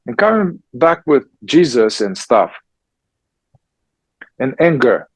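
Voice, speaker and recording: Slow, emphatic man. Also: medium pitch, big pitch swings, husky, no echo, poor audio. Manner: slow, emphatic, checks in with repeated "yeah?". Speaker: somatic psychotherapist and teacher. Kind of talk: conversational talk answering questions.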